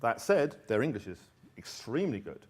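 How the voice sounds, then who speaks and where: A man's voice: medium pitch, very animated, fairly quick. A middle-aged man with an ordinary mid-range voice gives a talk to an audience. He often stumbles and restarts, repeating small words before he finds the phrase. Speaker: teacher and author presenting a course book. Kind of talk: presentation talk.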